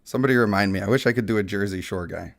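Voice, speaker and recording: A man's voice: on the low side, very fast, creaky. A man hosting a mobile gaming channel, chatting casually, laughing often and joking at his own expense, with bits of dramatic reading.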